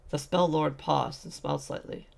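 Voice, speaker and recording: A man's voice: on the high side, wildly swooping pitch, normal speed, creaky. A man narrating a fantasy short story as a fan audiobook, reading steadily with occasional slips.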